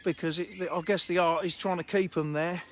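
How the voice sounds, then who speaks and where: High-voiced man chatting by a lake. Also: steady tone, fairly quick, a little hiss or hum. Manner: chatty, laughing, blunt and informal. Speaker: fishery owner. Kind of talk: live-streamed lakeside walk and chat. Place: outdoors by a fishing lake. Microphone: handheld phone.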